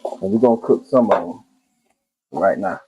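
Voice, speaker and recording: A man talks his viewers through a home cooking video in an easy, casual way. His voice is mellow and warm, and he often says a phrase twice. He addresses the audience as y'all. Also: low voice, normal speed, highs cut off.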